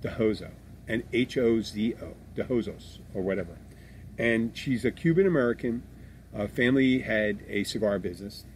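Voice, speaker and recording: With a fairly low pitch and moderate pace, this Philadelphia podcast co-host talks casually and bluntly. He curses and keeps restarting as he rambles, and there's a little background noise.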